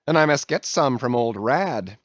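A man's voice: mid-range voice, animated, unhurried, dry recording. A man voicing a defiant, scheming male sailor who asks cool, taunting questions. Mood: sly.

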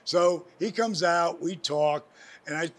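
An older man, a former wrestler, telling stories as a guest in a casual interview, animated and swearing now and then. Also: on the high side, slow pace. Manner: animated, swears, slips into impressions.

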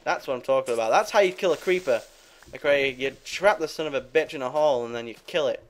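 A man's voice: mid-range voice, fast talker. A young man giving rambling, casual commentary while playing a game, swearing freely and talking to his viewers. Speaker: gaming video creator.

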